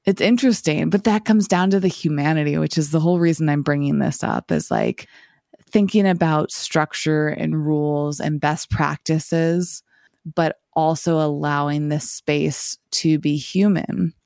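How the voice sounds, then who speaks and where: A woman's voice: sits low, fairly even intonation, unhurried, gravelly, a little mellow, no echo, clean studio sound. A woman hosting a solo podcast, talking through her thoughts in a rambling, reflective way with many filler "like"s. She sounds tired and slightly scratchy. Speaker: podcast host.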